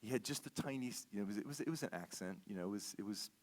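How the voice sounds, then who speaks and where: Low-voiced man telling a sermon story. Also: lively intonation, rapid-fire, darkish tone. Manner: conversational, repeats words, checks in with "okay?". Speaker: guest speaker. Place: church sanctuary.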